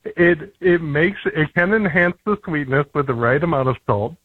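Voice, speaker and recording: A man's voice: fairly high pitch, animated, moderate pace, husky, no room sound. Earnest male caller on a tinny phone line. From Michigan. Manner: insistent, earnest arguing. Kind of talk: call-in phone conversation.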